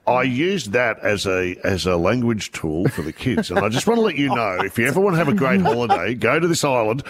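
A man's voice: medium pitch, sing-song, fairly quick. A middle-aged Australian man telling funny anecdotes in casual chat, laughing through his punchlines. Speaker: radio show guest.

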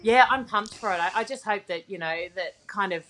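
A woman's voice: medium pitch, brisk, bright, forceful tone. A woman in her thirties with an Australian accent, chatting casually and laughing often. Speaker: podcast guest. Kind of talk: casual chat.

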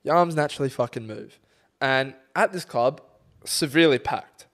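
A man's voice: medium pitch, animated, normal speed, a bit bright. A man co-hosting a podcast, telling a night-out story in casual chat, swearing freely and acting out quotes. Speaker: podcast co-host.

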